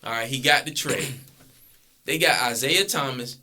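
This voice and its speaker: Bright-voiced young male podcaster. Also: medium pitch, measured pace. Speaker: podcast co-host. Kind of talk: casual sports debate.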